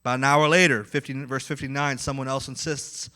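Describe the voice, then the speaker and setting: A male pastor preaching a sermon, retelling scripture in an animated, emphatic way. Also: medium pitch, fairly quick, hardly any pauses.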